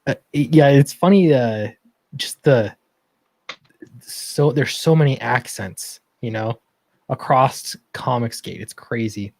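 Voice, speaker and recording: A man's voice: medium pitch, slow, vocal fry, darkish tone, no room sound. Easygoing man hosting a stream. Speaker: stream host. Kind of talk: casual late-night stream chat.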